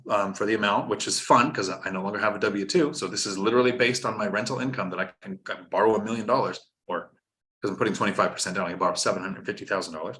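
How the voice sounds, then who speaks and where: The host of a live-stream finance show has a lowish, slightly bright voice. He explains each step instructively, joking around and reading viewers' chat messages out loud.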